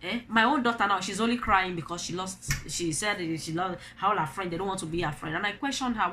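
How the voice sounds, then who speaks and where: A woman's voice: medium pitch, animated, fairly quick, fairly bright tone, slight background noise. A middle-aged Nigerian woman and mother, talking to camera in an opinion vlog, telling stories animatedly and asking rhetorical questions. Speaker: vlogger, mother.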